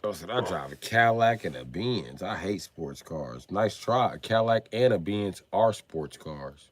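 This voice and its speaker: A man with a low voice and a measured pace hosts a casual livestream, ranting and joking with lots of swearing. He's animated and profane, and he laughs at his own jokes.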